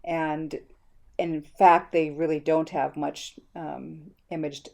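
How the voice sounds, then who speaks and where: A middle-aged woman presents a lesson on reading instruction in a low, mellow voice. She explains each step clearly and slips into her classroom prompts as she demonstrates them. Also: little pitch movement, slow. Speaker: educator presenting a reading method. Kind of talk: teaching presentation.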